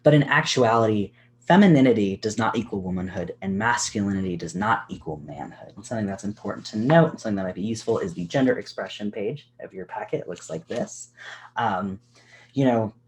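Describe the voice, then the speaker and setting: Male workshop presenter, lowish voice, chatty delivery full of fillers, gesturing as he talks. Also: lively intonation, brisk. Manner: casual, chatty, many "you know" fillers; gestures a lot with his hands while talking. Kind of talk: educational workshop talk to camera. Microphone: recorded for a video.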